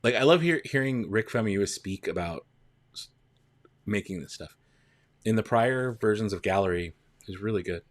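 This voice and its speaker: A man's voice: fairly low pitch, lively intonation, normal speed, pauses often, dry recording. A man hosting a casual livestream, chatting with viewers, greeting them by name and counting down. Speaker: livestream host.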